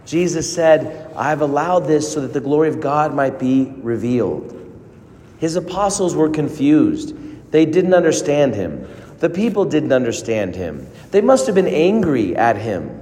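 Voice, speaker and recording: A priest delivers an earnest sermon, his slightly high male voice rising for emphasis and pausing for weight. The sound rings with long reverb from a large church. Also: big pitch swings, dark tone. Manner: earnest preaching with dramatic pauses and rising emphasis.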